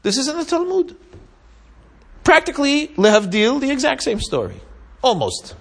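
In a lively Torah class, a man teaching Talmud retells a story full of Hebrew and Aramaic terms, frequently checking in with "right?" His voice is very high-pitched and creaky, with huge pitch swings, and he speaks at a moderate pace.

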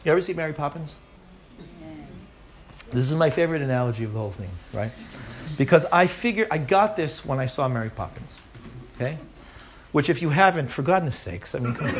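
A man's voice: fairly high pitch, expressive, a little fast, pauses often, slight background noise. A man teaching a Torah class to a live audience, talking conversationally and often checking in with asides like "right?".

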